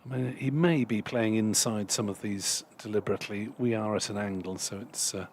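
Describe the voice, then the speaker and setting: A man's voice: lowish voice, brisk, darkish tone, slight background noise. A man co-commentating live cricket, chatting drily and offering statistics from a commentary box.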